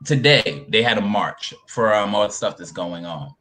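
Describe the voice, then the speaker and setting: A man co-hosting a casual podcast chat, animated and profane, laughing often and acting out quotes. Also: lowish voice, moderate pace. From New York. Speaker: podcast co-host.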